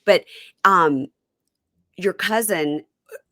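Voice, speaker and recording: Brief: middle-aged woman podcast host, lowish voice, chatty and laughing, dry close recording. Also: fairly bright tone, no room sound. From Mississippi. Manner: chatty, laughs often, quick asides. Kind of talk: casual chat.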